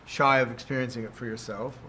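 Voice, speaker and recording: Older male teacher, relaxed rambling delivery, constant "see?" check-ins. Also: mid-range voice, fairly quick, a little hiss or hum. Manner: rambling, keeps asking "see?", chuckles often. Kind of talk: casual teaching talk.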